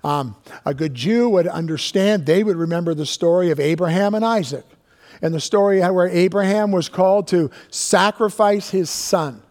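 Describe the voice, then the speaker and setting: Preaching man in a reverberant church. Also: high voice. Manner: emphatic preaching, drawn-out key words, drops to hushed tones. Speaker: pastor. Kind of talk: sermon. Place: church sanctuary. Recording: long reverb of a church hall.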